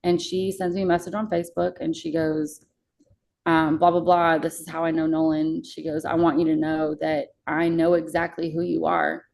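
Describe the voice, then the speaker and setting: Low, gravelly-voiced woman telling her story. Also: flat delivery, normal speed, darkish tone, low-quality recording. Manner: candid, swears freely. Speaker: podcast guest. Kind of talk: casual emotional storytelling.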